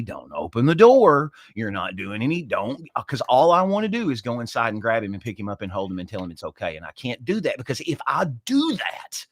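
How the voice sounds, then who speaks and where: A man in his forties co-hosting a casual chat, telling a story with passion and sharp emphasis. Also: mid-range voice, dry recording, clean studio sound. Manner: impassioned, storytelling with emphatic swings. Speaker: co-host.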